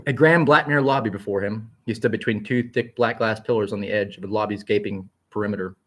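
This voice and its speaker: A man narrating a story aloud in a quick, vivid, expressive style. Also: on the low side. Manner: quick, vivid, occasional slips and restarts.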